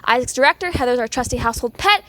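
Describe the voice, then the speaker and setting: A woman's voice: high-pitched, expressive, racing, fairly bright tone, dry recording. A young woman hosting a youth program in an upbeat, chatty way with many fillers. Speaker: program host.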